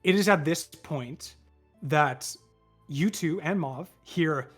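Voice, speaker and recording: A woman narrating a tabletop game as game master in a casual, animated way. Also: sits low, takes it slowly, husky, faint music behind.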